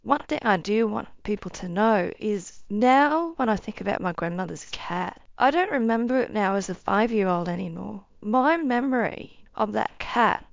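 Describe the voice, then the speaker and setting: A woman giving an earnest, emotional personal testimony, her phrases often trailing off softly. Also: mid-range voice, animated, normal speed, vocal fry, few pauses, dry recording, lo-fi sound. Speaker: near-death experience storyteller.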